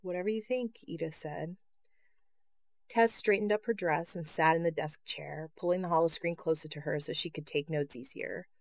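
A woman narrating a novel in a measured, even reading voice. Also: deep voice, gravelly, no room sound. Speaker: audiobook narrator. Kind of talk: audiobook narration.

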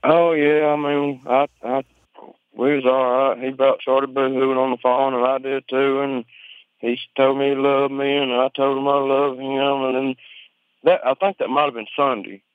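A Southern man with an Alabama drawl talks over a tinny, dry phone line. He tells his story casually and at length, swearing freely and stumbling into restarts. His voice sits at an ordinary middle pitch. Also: flat delivery, smooth, dry recording. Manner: rambling, informal, profane, halting restarts. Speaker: interviewee on a phone call. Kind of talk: conversational storytelling.

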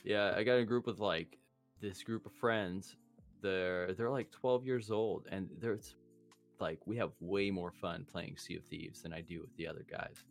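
A man's voice: low voice, moderate pace, soft background music. A man in casual podcast chat with a friend, rambling and profane, laughing often. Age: adult, a parent.

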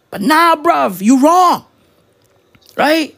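A young woman with a husky, high voice rants through a comic monologue, swinging her pitch all over the place. She swears freely and keeps checking in with the listener between bits. The delivery stays loose and animated throughout. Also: measured pace. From South Africa. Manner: profane, animated, keeps asking "right?". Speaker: comedian. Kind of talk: comedic rant monologue.

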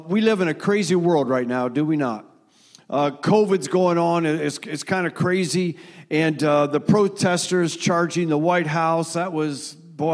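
A middle-aged man preaching a sermon in an earnest, folksy way, repeating words and using many fillers. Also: high-pitched. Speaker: pastor.

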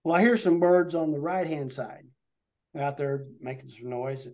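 A man's voice: on the high side, normal speed, dark tone. A man, a podcast guest, telling a rambling hunting story in vivid detail and a casual way. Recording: dull lo-fi podcast audio.

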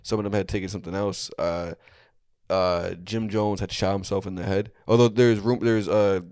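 This young man talks in a low voice, recounting a story casually on a podcast. He circles back, stumbles and fills gaps as he goes. The recording is dry and close. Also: fairly even intonation, moderate pace, a little mellow, no echo. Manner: rambling, many fillers and restarts. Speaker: podcast co-host.

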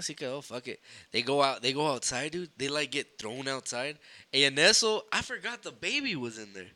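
Young man, bright voice, lively swearing storyteller who drops in Spanish. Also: medium pitch, moderate pace. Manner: animated, swears freely, mixes in Spanish phrases. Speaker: podcast guest storyteller. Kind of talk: casual storytelling chat.

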